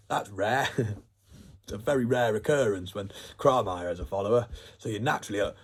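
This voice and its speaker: A man talks in a long, meandering, profane monologue. His voice is low and husky, and his thoughts drift loosely from one point to the next. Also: measured pace, pauses often. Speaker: vlogger. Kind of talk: rambling monologue.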